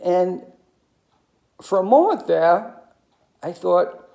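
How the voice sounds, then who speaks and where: A man, telling stories in a halting monologue full of ums and uhs. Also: fairly high pitch, gravelly, a little mellow. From New York City. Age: 60s. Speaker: video commentator. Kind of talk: monologue to camera.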